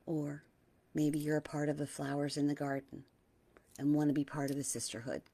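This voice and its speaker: Soft-spoken woman giving a spiritual talk. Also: deep voice, flat delivery, no echo. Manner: gentle and dreamy, slows down on key words, drops to a hush. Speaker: spiritual teacher and host.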